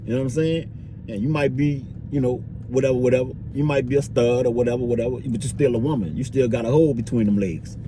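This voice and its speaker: A man's voice: medium pitch, fast talker, noisy background. A man vlogging in a loose, slangy street-talk monologue, filling it with "you dig" and "bro".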